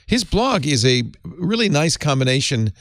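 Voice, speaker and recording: A man hosting a casual talk show, lively and chatty, laughing as he reads. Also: fairly high pitch, normal speed, no room sound, clean studio sound. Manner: lively, laughs while reading aloud. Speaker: host. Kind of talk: casual chat.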